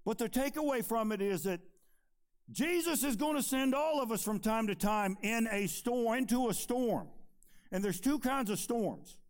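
A preacher man who delivers a sermon, swinging between loud emphatic stretches and quiet, low asides.

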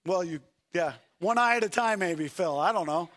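A man preaching a sermon as pastor, swinging between shouted lines and soft, quiet ones, and asking the congregation rhetorical questions. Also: high voice, normal speed.

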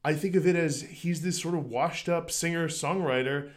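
A man co-hosting a music podcast in casual chat, excited and rambling, stumbling over his words and swearing casually. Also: a little high, moderate pace. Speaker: podcast co-host.

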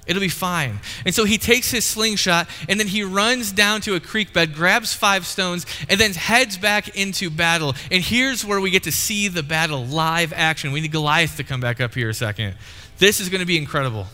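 A man's voice: sits high, normal speed, few pauses, sharp tone, soft background music. A man preaching a sermon, telling a story in a playful, conversational way and acting out the quotes. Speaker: pastor. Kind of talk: sermon with live demonstration. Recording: reverberant hall.

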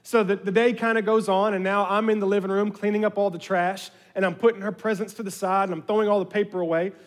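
A man's voice: high voice, fast, in a large hall. A male pastor preaching a sermon, telling stories and drawing in his congregation. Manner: storytelling, animated with his congregation.

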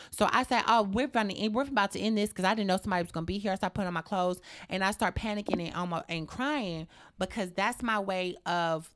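A young adult woman telling a personal story in a casual interview, acting out the dialogue and swearing freely. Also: medium pitch. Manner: animated, acts out quoted dialogue, swears freely.

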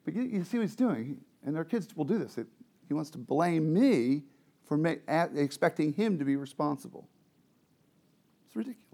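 A man preaching a sermon as pastor, moving between soft, confiding asides and loud, fervent preaching, often asking the congregation questions. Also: fairly high pitch, lively intonation, moderate pace, gravelly. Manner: swings from quiet, intimate asides to loud, impassioned preaching.

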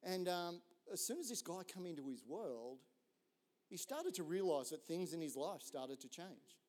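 A man, a pastor telling a story in a relaxed, conversational sermon and joking with the audience. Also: a little high, moderate pace. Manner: relaxed, chatty, jokes with the audience.

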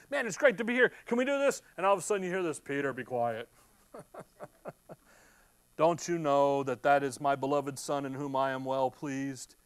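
A man preaching a sermon, teaching verse by verse and acting out scenes in quick, animated bursts. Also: high voice, smooth, no echo.

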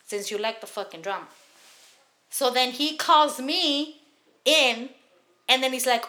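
A woman's voice: high voice, a little slow, long pauses, pushed and bright. A woman in her thirties from Los Angeles, telling a heated, profane story on a casual podcast. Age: 30s. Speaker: podcast host.

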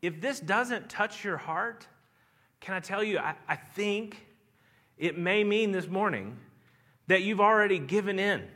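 A man with a regional Southern American accent preaches a church sermon in an earnest, conversational manner. His voice sits high and sounds bright and forward. He restarts phrases and then swells into emphatic lines. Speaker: pastor. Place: church sanctuary.

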